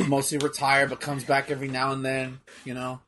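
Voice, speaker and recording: A young man chatting casually while watching wrestling, animated and rambling, with lots of fillers and swearing. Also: medium pitch, moderate pace. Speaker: co-commentator.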